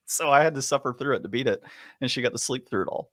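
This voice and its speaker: A man co-hosting a podcast, telling a long story in a casual, animated way and chuckling often. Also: mid-range voice, a little fast, pauses often, no echo, clean studio sound. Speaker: podcast co-host.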